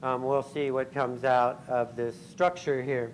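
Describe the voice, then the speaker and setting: A man giving a scientific conference talk, pausing often with ums and uhs and clearing his throat. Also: mid-range voice, flat delivery, a little hiss or hum, rough recording. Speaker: conference speaker. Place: convention center hall.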